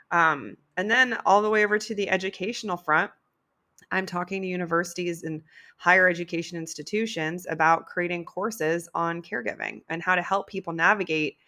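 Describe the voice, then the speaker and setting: A woman's voice: medium pitch, a bit bright. A middle-aged woman hosting her own podcast, talking candidly and casually, swearing freely and getting emotional. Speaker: podcast host. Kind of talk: casual solo podcast talk.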